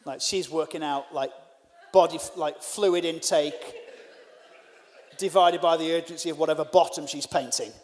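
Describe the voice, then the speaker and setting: A male comedian telling a story in a stand-up set, animated and self-deprecating. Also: a little high, normal speed, in a large hall. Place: live venue.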